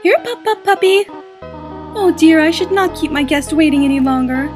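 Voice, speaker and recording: Gentle motherly monster woman, read by a female gamer: high, formal, soft-spoken. Faint game music. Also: animated, normal speed. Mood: calling sweetly. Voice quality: formal, soft-spoken, old-fashioned phrasing. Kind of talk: reading game dialogue aloud in a voice.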